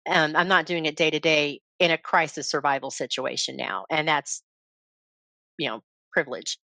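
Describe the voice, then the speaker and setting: A woman's voice: deep voice, fairly even intonation, moderate pace, pushed and bright, no echo. A woman speaking as a podcast guest, telling her story openly and reflectively. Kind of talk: candid personal interview talk.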